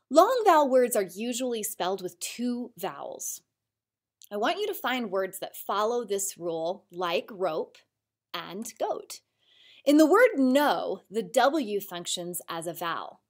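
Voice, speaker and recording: A woman teacher giving a recorded spelling lesson to children, speaking slowly and clearly in an encouraging way. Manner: slow, clear, encouraging teacher voice with lively pitch.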